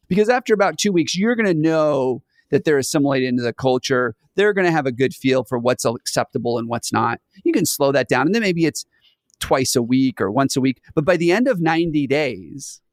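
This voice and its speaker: A man talking as a podcast guest about hiring, animated and acting out little scenes. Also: medium pitch, no room sound, clean studio sound. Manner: animated, playfully acts out scenes. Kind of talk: conversational podcast interview.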